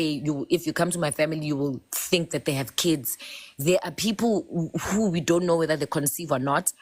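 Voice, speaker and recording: A woman, talking in a casual, expressive way on a live chat show and mixing local words into English. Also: on the low side.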